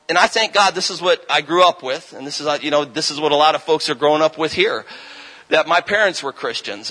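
A man's voice: mid-range voice, bright, forceful tone, low-quality recording. A man in his thirties preaching a revival sermon, telling healing stories and rising into fervent, emphatic declarations.

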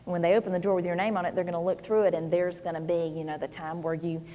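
A woman's voice: lowish voice, level tone, very fast, in a large hall, muffled recording. A woman preaching a sermon in a folksy, conversational storytelling manner, full of "you know"s.

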